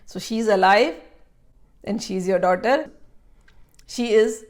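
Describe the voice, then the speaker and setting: A woman voicing a calm, compassionate older holy man who speaks gently and reassuringly. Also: medium pitch, measured pace, natural voice. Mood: soothing.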